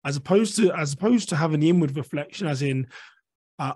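A man being interviewed as an author, explaining calmly and acting out short example phrases along the way. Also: a little high, a little fast, breathy edge, no echo, studio quality. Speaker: author and guest.

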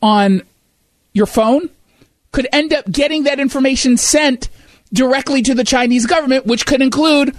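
A male talk show host with a very high voice, recorded bone-dry and close. He comments on the news in a sarcastic, mocking way and keeps a running commentary going. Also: moderate pace, no room sound.

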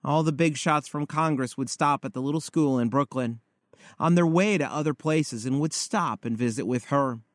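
A man preaching, telling a story in a measured, storytelling manner. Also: fairly high pitch, no room sound, clean studio sound. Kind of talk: sermon storytelling.

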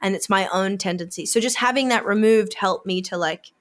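A young woman chatting casually as a podcast co-host, animated and laughing often. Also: medium pitch, fairly quick. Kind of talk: casual chat.

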